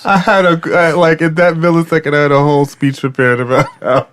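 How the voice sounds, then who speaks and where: A man's voice: a little high, flat delivery, brisk, a bit bright, smooth. A man co-hosting a podcast, reacting to a story with short interjections and laughs. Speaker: podcast co-host. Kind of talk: casual chat.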